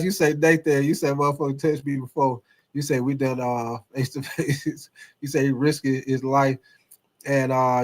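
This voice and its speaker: A man hosting a casual sports podcast who talks in a loose, rambling way, addresses his chat directly and laughs often. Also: mid-range voice.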